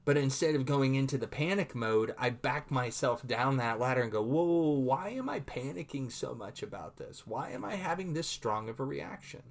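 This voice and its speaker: A man's voice: mid-range voice, expressive, normal speed, hardly any pauses. A man giving a recorded online lecture, speaking conversationally with many repeated words and acting out his own thoughts.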